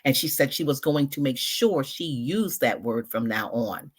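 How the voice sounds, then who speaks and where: A woman in her sixties answering interview questions in a thoughtful, expressive, emphatic way. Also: extremely low pitch, moderate pace, breathy edge. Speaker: guest, social media word educator. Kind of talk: conversational interview.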